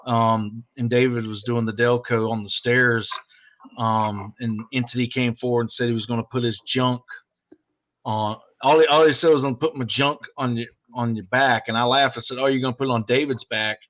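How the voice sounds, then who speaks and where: A man's voice: medium pitch, steady tone, normal speed, a bit bright, lo-fi sound. Matter-of-fact, teasing man. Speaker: paranormal investigator guest. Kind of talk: casual podcast chat.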